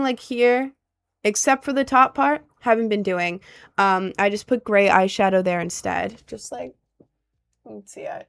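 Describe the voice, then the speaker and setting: A young woman streaming casually, answering viewer questions in a rambling way, filled with "like" and "um". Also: mid-range voice. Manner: rambling, heavy use of "like" and "um".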